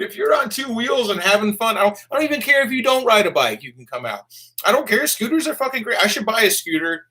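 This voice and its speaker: A young man doing a laid-back live stream, reading out donations and comments. He swears freely, calls everyone dude, and breaks into excited bursts. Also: on the high side. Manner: bursts of excitement and quick laughs. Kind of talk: casual live-stream chat.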